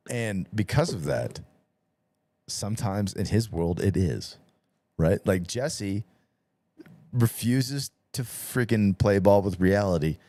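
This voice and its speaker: A man's voice: fairly low pitch, lively intonation, slow, long pauses, warm tone, dry recording. A man hosting a podcast in casual chat, telling stories with lots of swearing and acting out both sides of each exchange. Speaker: podcast host.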